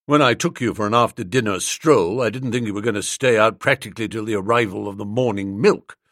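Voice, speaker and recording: A man voicing a glib, teasing young English friend in an audiobook, with a dry, mocking manner and a husky voice. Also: lowish voice, fairly quick, fairly bright tone, no echo, pitched below the performer's own voice. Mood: mock-solemn. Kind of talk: audiobook character reading.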